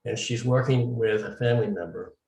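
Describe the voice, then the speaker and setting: A man's voice: medium pitch, brisk, darkish tone. A man being interviewed, telling his story casually and acting out the dialogue he quotes. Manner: recounts events at length, acting out quoted dialogue. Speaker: interview guest, medium. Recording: roomy, distant mic.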